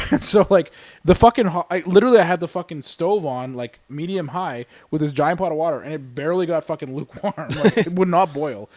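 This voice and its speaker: Man, rapid casual storytelling, slightly high voice, dry close sound, lots of swearing. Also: darkish tone, dry recording. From Canada. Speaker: stream co-host.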